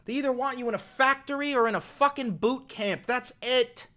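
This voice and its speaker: A man's voice: extremely high pitch, normal speed, sharp tone. A man in his twenties giving profane, impassioned political commentary on a livestream into a desk microphone. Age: 20s. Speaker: live streamer.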